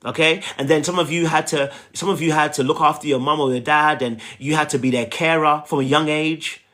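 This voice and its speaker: A man's voice: fairly high pitch, steady tone, fairly quick, pushed and bright. A man giving a relationship coaching talk, emphatic and repetitive, often checking in with "okay?" and "right?".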